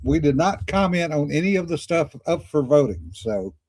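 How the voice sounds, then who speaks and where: A man with a slightly high voice telling anecdotes on a casual livestream. He talks in a relaxed, chatty way and laughs easily. The sound is close and dry. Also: normal speed, dry recording. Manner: chatty storyteller, laughs often. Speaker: podcast co-host.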